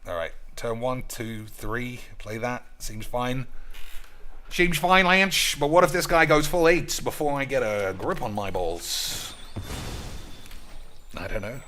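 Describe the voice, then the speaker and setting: A man's voice: medium pitch, lively intonation, a little slow, fairly bright tone. A man giving crude, ranting, mock-boastful commentary over his own gameplay. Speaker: gaming streamer.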